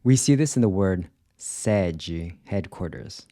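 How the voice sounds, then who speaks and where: A man teaching a pronunciation lesson, enunciating each example word carefully in a clear, deliberate voice-over. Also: lowish voice, lively intonation, a little mellow, no echo, studio quality. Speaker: language teacher.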